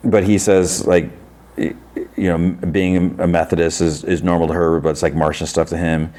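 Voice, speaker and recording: A man's voice: deep voice, level tone, normal speed, a little mellow. A man casually recapping a TV episode on his podcast, rambling with fillers and chuckles. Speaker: podcast host.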